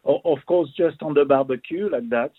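A man's voice: a little high, moderate pace, husky, no room sound. Chef guy on the phone, tinny and dry, keen about food. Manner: warm enthusiastic food talk, restarts. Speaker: chef guest. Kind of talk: casual radio chat.

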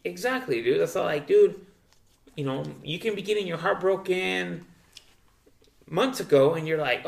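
A man's voice: sits high, moderate pace, gravelly, long pauses. A young man talking in a casual, rambling way, swearing a lot and saying "dude" often. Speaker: guest. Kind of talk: casual chat. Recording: echoey room.

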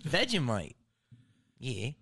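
A man's voice: medium pitch, huge pitch swings, slow, gravelly, bright, forceful tone, breathy edge, dry recording, studio quality. A man hosting a casual comedic chat, rambling and swearing, often laughing.

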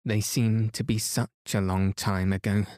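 A man's voice: fairly low pitch, steady tone, unhurried, darkish tone, dry recording, studio quality, lightly acted. A man voicing a breathless, worried young girl. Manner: worried, panting.

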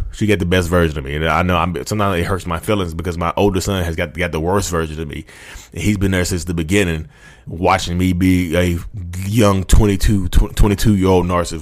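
A man, hosting his own channel and ranting with emphatic repetition, calling his listeners y'all. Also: low-pitched. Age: 30s. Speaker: YouTube host. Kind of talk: impassioned rant to camera.

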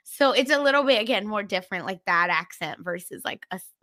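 A woman's voice: medium pitch, lively intonation, brisk, sharp tone. A young woman from India co-hosting a podcast, recapping a TV episode in casual, bubbly chat full of fillers. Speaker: podcast co-host.

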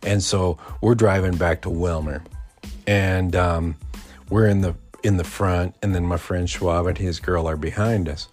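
A man's voice: low-pitched, fairly even intonation, measured pace, a little mellow, faint music behind. A man in his forties hosting a podcast, telling a rambling, profane story and laughing as he goes. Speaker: podcast host. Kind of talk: casual storytelling.

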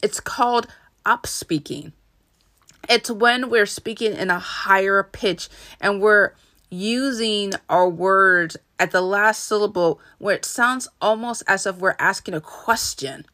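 A woman hosting a solo podcast, talking in an earnest, instructive way about communicating, with short pauses between her phrases. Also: medium pitch, bright, forceful tone. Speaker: podcast host and coach. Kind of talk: solo motivational podcast talk.

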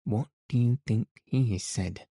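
A man's voice: mid-range voice, slow pace, vocal fry, warm tone, husky, dry recording, clean studio sound, exaggerated voice. A man voicing a breathless, alarmed male opera manager in an audiobook, speaking urgently.

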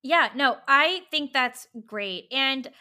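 A woman's voice: high voice, expressive, slow pace, sharp tone. A woman hosting a podcast, chatting candidly and frankly, with lots of "like" fillers. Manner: candid, frank, heavy use of "like". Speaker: podcast host. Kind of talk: casual interview chat.

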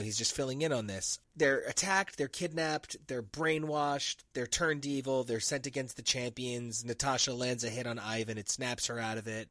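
A man hosting a comic book review podcast, talking in a sarcastic, animated way with some swearing. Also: mid-range voice, no echo. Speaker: podcast host.

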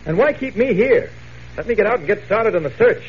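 A man's voice: high voice, lively intonation, fairly quick. An actor playing an earnest, mild-mannered male reporter in a 1940s radio drama. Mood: eager. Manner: eager, earnest. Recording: dull old radio recording, faint hiss.

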